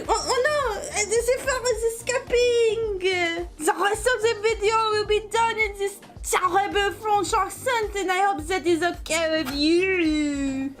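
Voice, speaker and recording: High-pitched woman vlogger, chatty and self-mocking, with light music underneath. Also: fairly bright tone. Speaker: craft vlogger. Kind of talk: casual crafting vlog.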